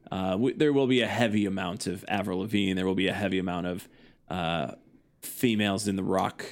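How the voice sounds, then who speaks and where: A man with a lowish voice hosts a podcast in easy, loose chat. He jokes around and fills his sentences with "uh" and restarts. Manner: loose, joking, lots of fillers. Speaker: podcast co-host. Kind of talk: casual chat.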